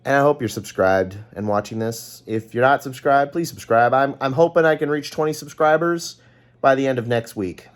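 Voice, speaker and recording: A man's voice: mid-range voice, normal speed. A man with a Californian American accent in casual vlog chat. He rambles and chats, with frequent ums and corrections of himself. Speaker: vlogger.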